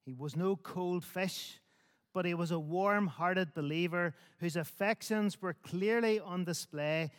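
Emphatic male preacher in a reverberant hall. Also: sits high. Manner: measured, repetitive emphatic phrasing. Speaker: pastor. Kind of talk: sermon.

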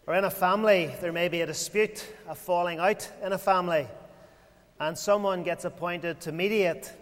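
Man, preaching, high voice, measured and rhetorical, long hall reverb. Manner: measured, rhetorical questions and repeated phrases. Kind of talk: sermon.

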